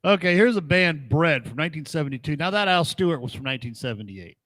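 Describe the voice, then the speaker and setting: A man's voice: on the high side, lively intonation, fast talker, fairly bright tone, no echo, clean studio sound. Sarcastic middle-aged man ranting. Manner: sarcastic, mocking, chuckles often. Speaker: podcast host playing old records. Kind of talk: casual rant.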